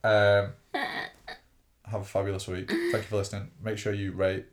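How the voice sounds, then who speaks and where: A man's voice: on the low side, wildly swooping pitch, measured pace. A man with a Wigan accent and a cold, co-hosting a podcast in casual, jokey chat. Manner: jokey, teasing. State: has a cold. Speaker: podcast co-host.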